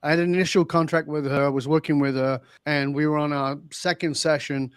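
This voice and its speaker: A man's voice: a little high, level tone, brisk, clear, resonant tone, no room sound, clean studio sound. A middle-aged man coaching leaders, telling blunt stories in an interview and acting out both sides of each exchange. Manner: blunt, emphatic, acts out both sides of dialogues. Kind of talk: storytelling in an interview.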